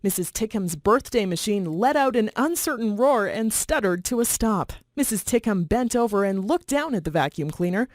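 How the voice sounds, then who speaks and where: A woman reading chapters of a children's novel aloud in a measured, steady narration. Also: mid-range voice, dry recording, studio quality. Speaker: reader. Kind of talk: storybook read-aloud.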